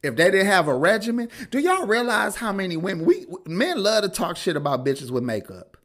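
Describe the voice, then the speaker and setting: A man hosting a casual podcast, telling crude stories in a profane, animated way and laughing often. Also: high-pitched, fairly quick. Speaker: podcast host.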